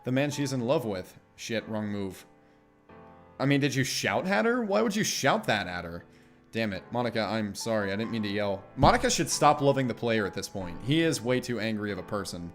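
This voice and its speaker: A man's voice: lowish voice, animated, normal speed, faint music behind. A man streaming himself as he reads a visual novel aloud and comments on it casually, with wry asides and some swearing.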